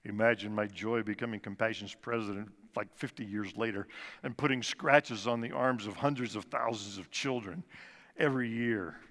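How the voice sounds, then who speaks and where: A man in his sixties giving an earnest personal testimony at a church service, slowing and dropping his voice soft for emphasis. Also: lowish voice. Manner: earnest storytelling, slows and drops soft for emphasis. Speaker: guest speaker at church service. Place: church sanctuary. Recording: long reverb of a large church hall.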